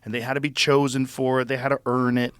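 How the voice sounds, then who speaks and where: A man's voice: mid-range voice, little pitch movement, fast talker, fairly bright tone, smooth, no room sound. A man hosting a casual conversation, thoughtfully musing and asking probing questions. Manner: curious, reflective, asks probing questions.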